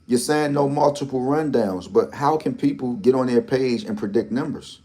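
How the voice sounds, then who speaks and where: A man's voice: mid-range voice, moderate pace, mellow. A man hosting a lottery channel, talking in a rambling, repetitive, teasing way with speech. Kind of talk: casual commentary.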